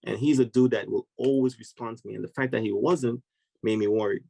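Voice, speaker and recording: A man recounts a story with real energy, jumping into the voices of the people in it. His voice sits at an ordinary middle pitch. The recording is close and dry, with no room sound around him. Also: steady tone, fairly quick, gravelly, mellow, dry recording, poor audio. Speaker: podcast guest. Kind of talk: animated storytelling in conversation.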